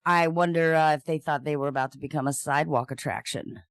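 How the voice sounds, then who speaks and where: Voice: medium pitch, steady tone, quick pace, smooth, no echo, clean studio sound. A co-host bringing up odd news stories in casual chat, with wry humor. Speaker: podcast co-host.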